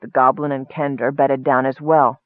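A man's voice: mid-range voice, level tone, moderate pace, no room sound. Man narrating a fantasy story. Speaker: audiobook narrator. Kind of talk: scripted narration. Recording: tinny phone-like sound.

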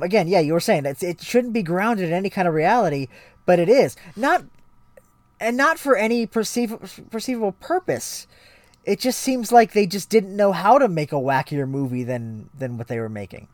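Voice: mid-range voice, animated, normal speed, a little mellow, no room sound. Rambling, profane podcast co-host on a dry close mic. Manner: rambling, many restarts and fillers, swears. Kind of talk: casual comedic chat.

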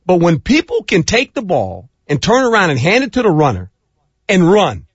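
A middle-aged man talking football as a guest on sports radio, acting out scenes in a rising, animated voice. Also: high-pitched, moderate pace, breathy edge, no echo. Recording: dull lo-fi radio audio.

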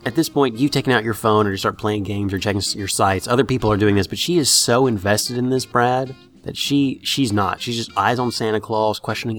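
A man's voice: lowish voice, fairly quick, hardly any pauses, faint music behind. A man co-hosting a casual comedy podcast, telling a story with swearing and frequent laughs. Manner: animated, swearing, laughs often. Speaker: podcast co-host.

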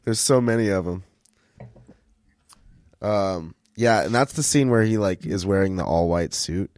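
Podcast host, male, low voice, laid-back with chuckles, dry mic. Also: unhurried, no echo. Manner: relaxed, chuckling, trails off. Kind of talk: casual chat.

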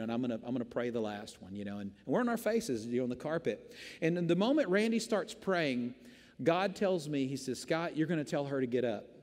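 A male pastor telling a story in a sermon, animated and self-deprecating, often repeating words as he goes. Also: mid-range voice, long reverb tail. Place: church.

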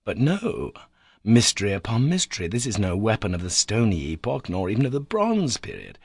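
A man voicing an impetuous young explorer who speaks with eager excitement. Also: fairly low pitch, a little fast, breathy edge, dry recording, clean studio sound, full character voice. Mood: excited.

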